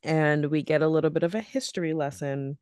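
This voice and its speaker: Relaxed woman co-host, dry close mic. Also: low-pitched, brisk, smooth, dry recording. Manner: relaxed, steers the talk to the next scene. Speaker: podcast co-host. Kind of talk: casual chat.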